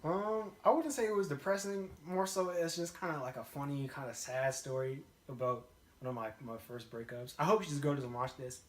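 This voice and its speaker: A young man with a fairly high voice tells a story in loose, slangy casual chat and laughs often. His voice carries a roomy echo. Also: fairly quick. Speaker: guest storyteller.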